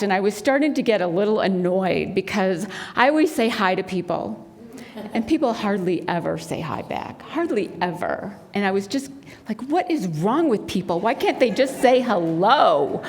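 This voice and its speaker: A woman speaking to a spiritual center congregation, telling stories and acting out the people in them. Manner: animated storyteller, acts out quotes in a high bright voice. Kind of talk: sermon talk with storytelling. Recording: long hall reverb.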